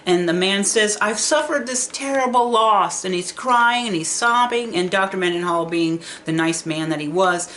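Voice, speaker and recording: Woman with a low voice telling a story, chatty and expressive. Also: a little hiss or hum. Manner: conversational, expressive retelling. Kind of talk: storytelling narration.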